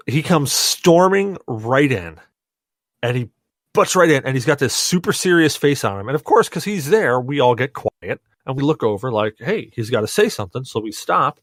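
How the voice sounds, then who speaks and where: A young man hosts a casual podcast, a little tipsy from rum and telling a story with loose, animated energy. He swears freely and laughs at his own punchlines. His mid-range voice sounds dry and close, with no room around it. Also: medium pitch, normal speed, no echo. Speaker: podcast host.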